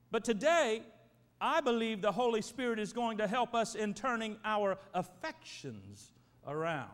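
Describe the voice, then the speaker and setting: A man's voice: sits high, fairly bright tone. A man preaching as a pastor, praying emphatically and calling on his congregation to answer. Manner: emphatic, prayerful, calls for congregation responses. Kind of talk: sermon. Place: church sanctuary. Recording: reverberant church hall.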